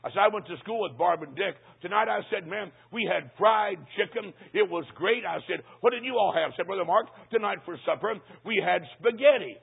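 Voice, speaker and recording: A man with a fairly high, gravelly voice preaches, spinning a humorous story and dropping into hushed, lower tones for the other characters. His voice is husky, and the recording sounds thin and tinny, like a phone line. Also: a little fast, few pauses. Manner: storytelling, acting out dialogue in hushed low voices.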